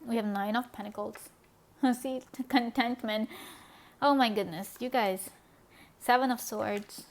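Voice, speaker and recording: A woman's voice: on the high side, steady tone, unhurried. A woman giving a pick-a-card tarot reading in a chatty, gushing way, with many fillers and small laughs. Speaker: tarot reader.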